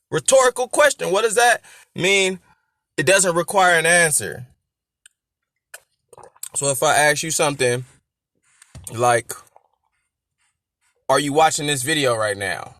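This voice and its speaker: A man breaks down rap verses in casual talk, jumping into loud laughs and schoolteacher explanations. His voice is bright and pressed, slightly above usual male pitch. The sound is dry and close. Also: dry recording. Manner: excitable, laughs loudly, explains lyrics like a teacher; repeats lines to stress syllables. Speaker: rap reaction host.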